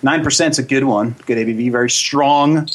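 A man's voice: medium pitch, normal speed. A man co-hosting a casual beer tasting stream, teasing his co-host and slipping into a mock infomercial delivery. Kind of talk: casual joking beer review chat.

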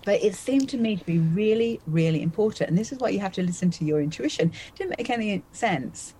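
Husky woman in her fifties telling a story. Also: mid-range voice, expressive, quick pace, dark tone, poor audio. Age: 50s. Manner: vivid anecdote-telling, acting out her own thoughts. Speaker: podcast guest, magician. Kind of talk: animated storytelling in a conversation.

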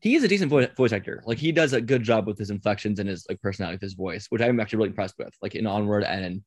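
Man, podcast host, casual chat, rambling, fast pace, dry sound. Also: fairly low pitch, animated, a little mellow, no room sound. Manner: chatty, rambling, laughs often.

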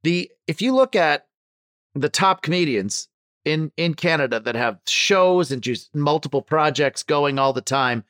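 A man hosts a comedy podcast in a clean studio recording with no room sound, his voice on the high side, animated and a little slow. He reads a warm intro, then jokes and laughs often while interviewing his guest in casual chat.

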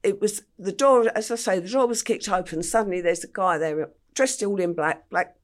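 An older woman from England sits as an interview guest and talks through her past. She tells it like a story, acting out the voices of the people she quotes. Her voice sits at a middle pitch. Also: moderate pace. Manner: vivid storyteller, acts out quotes.

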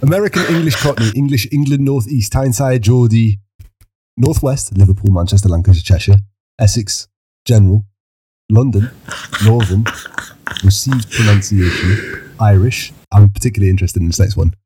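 Man podcast host, very raspy voice, teasing, casual. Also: fairly low pitch, normal speed, warm tone, poor audio. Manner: teasing, reads a list aloud. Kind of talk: casual chat.

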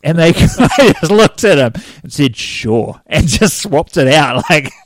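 A man's voice: fairly high pitch, slow, dry recording. Podcast guy telling stories, voice jumping all over, laughs a lot, dry close sound. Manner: animated storyteller, acts out quotes, laughs often. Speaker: podcast co-host. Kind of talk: casual chat.

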